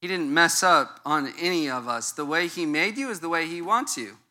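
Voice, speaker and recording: Slightly high and bright with a pushed quality, this middle-aged man's voice has lively intonation and a moderate pace. He's a pastor preaching a chatty sermon, joking casually and checking in with listeners again and again.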